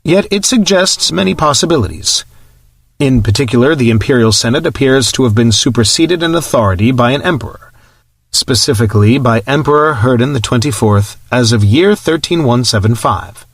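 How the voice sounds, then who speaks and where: A level, clipped shipboard computer, as a male narrator puts it on, formal and exact in every sentence. It speaks in measured military phrasing with a dry, close sound and no room around it. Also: medium pitch, lively intonation, no room sound. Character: calm precise starship computer, male.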